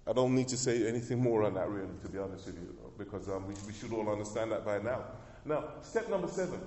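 A man's voice: lowish voice, animated, fast talker, a little mellow, slight background noise. A male pastor preaching a sermon in a church, emphatic, drawing the congregation into call-and-response and often repeating or restarting phrases. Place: church hall. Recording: echoey hall with long reverb.

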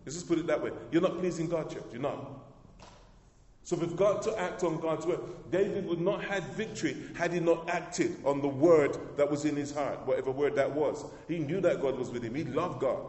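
A man's voice: a little high, moderate pace, a little mellow. Man preaching in an echoey hall. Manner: emphatic preaching with call-and-response; repeats words and restarts phrases. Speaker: pastor. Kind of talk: sermon. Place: church hall. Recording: echoey hall with long reverb.

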